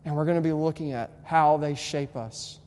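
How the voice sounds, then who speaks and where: A young man preaching a sermon to students as their pastor. He moves from quiet, tender stretches to loud, fervent exhortation. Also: fairly high pitch, normal speed. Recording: long hall reverb, faint hum.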